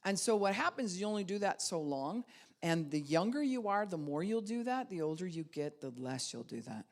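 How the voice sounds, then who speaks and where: A woman pastor delivers a conversational sermon with a sing-song, brisk delivery. Addressing her listeners directly, she shifts her pitch and volume to act out the thoughts she quotes.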